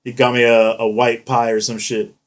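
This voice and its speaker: A man's voice: medium pitch, level tone, moderate pace. A young man co-hosting a podcast, telling stories in a casual, profane, laughing way. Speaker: podcast co-host. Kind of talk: casual chat.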